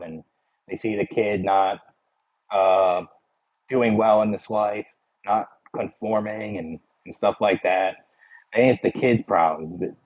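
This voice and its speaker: A man's voice: fairly low pitch, dull audio. A man with a Philadelphia accent chatting casually with his livestream viewers, rambling and full of "like" and "you know".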